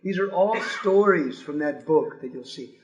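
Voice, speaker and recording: A spiritual teacher telling animated stories in a talk, pausing for a translator and acting out the voices in them. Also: male voice, a little high, muffled recording. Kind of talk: storytelling talk with live translation.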